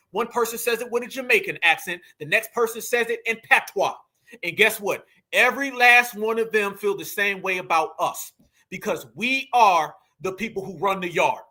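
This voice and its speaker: High-pitched and bright, this man's forceful voice drives his commentary as he reacts to a clip. He sounds heated and preachy, frequently addressing his listeners as family.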